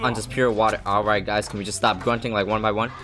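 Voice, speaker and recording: A hyper, excitable young man giving gameplay commentary as a streamer and swearing often. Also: lowish voice, fast. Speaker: gaming streamer.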